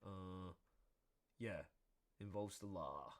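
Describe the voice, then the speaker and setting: A man chatting casually on his drawing stream, rambling through animated commentary. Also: low voice, very slow. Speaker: artist streaming while drawing. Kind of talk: casual chat.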